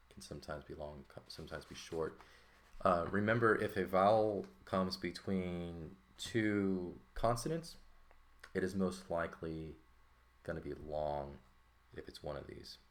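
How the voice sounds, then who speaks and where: A man teaching a Greek lesson in a relaxed, thinking-aloud way, with fillers and checks like "right?". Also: sits low. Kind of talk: casual lesson walkthrough.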